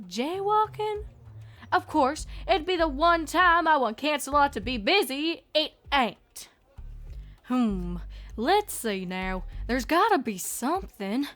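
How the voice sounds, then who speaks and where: Faint music underlies this fanfic audiobook reading, in which a woman performs a full character voice for a young female farm pony pretending to be an outlaw. Sitting high and sing-song with a fairly bright tone, she speaks slowly in a Southern drawl, grumbling and boasting.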